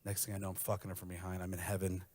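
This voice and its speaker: A man's voice: sits low, completely flat delivery, very fast, darkish tone. Crude storytelling male stand-up comic. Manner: crude, conversational storytelling with acted-out quotes. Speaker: stand-up comedian guest. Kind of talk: stand-up set, then casual chat. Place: radio studio.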